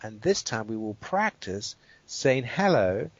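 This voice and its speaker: A man who is a guest expert, calmly walking through a guided exercise and checking in with the listener as he explains. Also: mid-range voice, dry recording. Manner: measured and explanatory, checks in with "right?". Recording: dull, dry interview audio.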